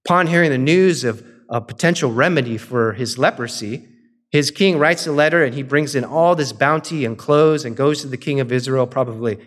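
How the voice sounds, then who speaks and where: A man preaching a sermon in a relaxed, conversational way. He retells old scripture stories in plain modern talk and briefly acts out the characters. His voice sits at a middle pitch. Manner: retells scripture in casual modern speech, acting out quoted characters; slows and softens into a quiet, drawn-out litany near the end.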